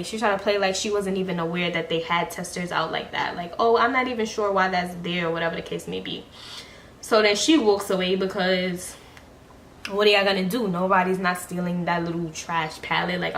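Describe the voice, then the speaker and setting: A young woman vlogger tells a story while getting ready, heated, blunt and profane, in a middle-pitched voice. Her voice bounces around an echoey room at home, with a faint hiss underneath. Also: a bit bright. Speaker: beauty vlogger. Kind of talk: get-ready-with-me storytime chat.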